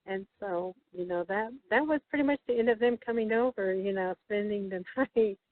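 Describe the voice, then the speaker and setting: A woman guest telling a story in a halting, casual way, with many fillers and restarts as she quotes other people. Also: mid-range voice. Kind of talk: casual storytelling over the phone. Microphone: telephone. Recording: tinny dry phone line.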